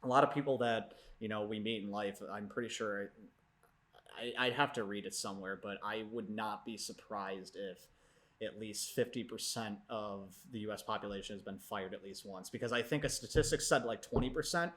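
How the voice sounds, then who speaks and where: A man co-hosting a casual chat podcast, bantering and teasing with quick reactions. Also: on the low side, a bit bright. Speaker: podcast co-host.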